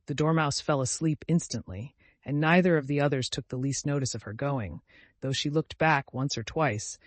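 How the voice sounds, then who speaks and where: A man narrating a storybook audiobook in a measured, even way. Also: a little high, no room sound.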